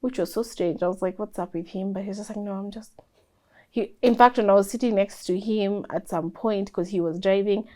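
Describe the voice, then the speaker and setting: A young woman, a guest in an interview, telling a personal story in a lively way and acting out what people said. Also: medium pitch, brisk, hardly any pauses. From Kenya. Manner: animated storyteller, acts out quoted dialogue.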